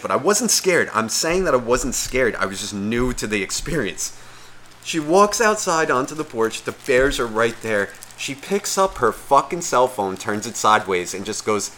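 A man's voice: on the high side, sing-song, normal speed, sharp tone, slight background noise. A man co-hosting a podcast, telling a story in casual chat, swearing a lot and acting out the voices of the people in it. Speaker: podcast co-host.

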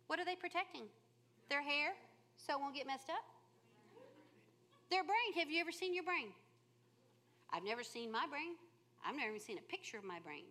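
A woman giving a sermon with animated, humorous storytelling. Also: high-pitched, normal speed, pauses often. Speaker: church speaker.

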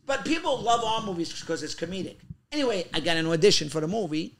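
High gravelly-voiced animated man. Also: fast, slight background noise. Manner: animated, profane, acts out quotes in loud bursts. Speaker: podcast guest, comic actor. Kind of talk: casual storytelling chat.

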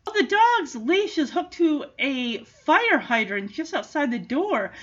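A woman chatting casually in an amused way as she recaps a movie and does quick character voices. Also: sits high, very animated, fairly bright tone, dull audio.

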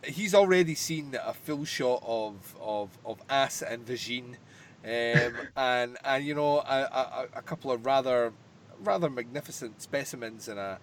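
A man's voice: mid-range voice, measured pace, slight background noise. A man doing casual, crude, joke-filled film commentary, laughing often. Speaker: podcast co-host.

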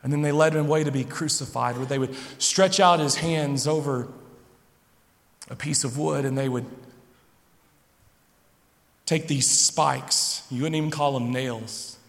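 A man preaching a sermon, telling the story dramatically, sinking low and slow, then building loud. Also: steady tone, creaky. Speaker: pastor. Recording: long hall reverb.

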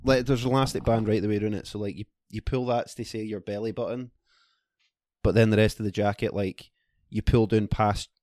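A man's voice: lowish voice, brisk, no echo, studio quality. Sweary Scottish man telling stories. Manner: sweary, rambling, animated anecdote-telling. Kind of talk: casual chat, storytelling.

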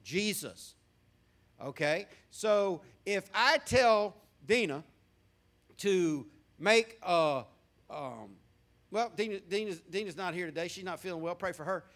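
A man's voice: high-pitched, expressive, slow pace, a bit bright. A male pastor preaching a sermon in a church, asking the congregation questions and repeating words for emphasis. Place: church sanctuary.

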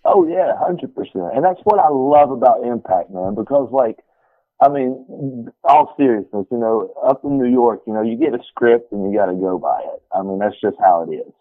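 A man's voice: mid-range voice, very animated, moderate pace, dry recording. A man who wrestles, talking in a casual interview in a brash, folksy way and swearing freely. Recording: tinny phone line.

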